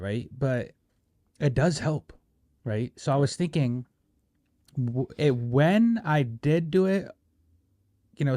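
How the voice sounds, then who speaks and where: A man's voice: mid-range voice, warm tone, dry recording, studio quality. A man hosting a casual podcast, rambling and joking with lots of fillers. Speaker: podcast host.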